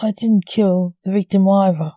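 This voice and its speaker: Calm reaper necromancer, read by a woman. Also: medium pitch, normal speed, dry recording, natural voice. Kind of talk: storybook reading.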